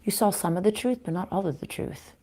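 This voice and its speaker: A woman giving a casual tarot reading to viewers, pausing to consult spirits aloud and often restarting her sentences. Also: mid-range voice, background noise. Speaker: tarot card reader.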